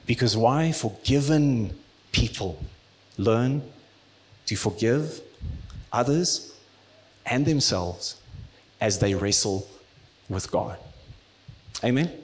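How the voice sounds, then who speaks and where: A man preaching a sermon, rising to loud emphatic peaks and dropping to hushed, low tones. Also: expressive, slow, long pauses. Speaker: pastor.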